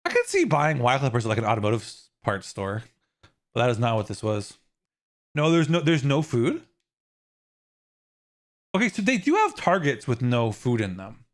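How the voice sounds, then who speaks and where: Excitable rambling male streamer. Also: moderate pace, pauses often. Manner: rambling and excitable, jumping into high squeals and mock outrage; swears freely, trails off into low mumbles. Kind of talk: casual livestream chat while gaming.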